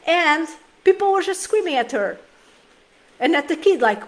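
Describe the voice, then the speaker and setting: A woman with a high voice talks to the camera about parenting in an earnest, emotional way. She often stops and restarts her sentences as she searches for words. It sounds like a casual, heartfelt vlog. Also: normal speed. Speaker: parenting vlogger.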